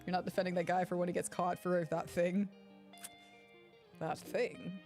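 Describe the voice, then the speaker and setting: A woman streamer chatting casually with her live viewers, excitable, swearing freely, with loud outbursts and frequent laughter. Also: fairly low pitch, fast talker, soft background music. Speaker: game streamer.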